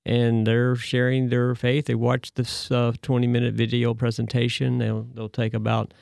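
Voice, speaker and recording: Man, deacon, low and monotone, gravelly, dry close recording. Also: moderate pace, no room sound. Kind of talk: conversational interview answer.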